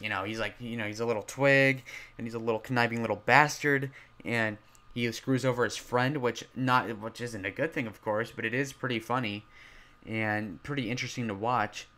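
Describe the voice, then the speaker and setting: A man reviewing horror films in a loud, rambling way, full of fillers and restarts, his voice strained from talking loudly. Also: mid-range voice. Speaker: movie reviewer. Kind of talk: casual spoken film review.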